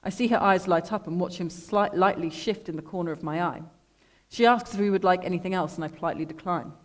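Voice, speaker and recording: A woman reads her own prose at a microphone in a lecture room. Her delivery is measured, dry and deadpan, and she sounds calm and composed throughout. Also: lowish voice. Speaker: artist reading her own text. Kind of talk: literary reading to an audience. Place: lecture room at an art school.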